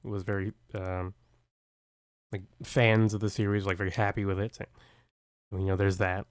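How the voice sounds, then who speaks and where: A man's voice: low-pitched, little pitch movement, moderate pace, dry recording, studio quality. A man co-hosting a stream, chatting casually with hesitant, rambling restarts and frequent laughs. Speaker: stream co-host.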